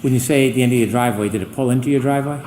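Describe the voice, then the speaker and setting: A man, a trial attorney, questioning a witness in court in a measured, methodical way. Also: mid-range voice, a little mellow, a little hiss or hum, rough recording.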